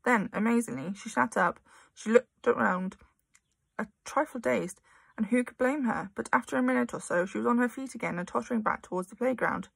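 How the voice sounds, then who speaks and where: A woman reads a children's story with lively, expressive storytelling. Her voice has a gravelly, husky texture. The sound is dry and close. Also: a little high, brisk, no room sound. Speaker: narrator. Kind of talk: audiobook reading of a children's novel.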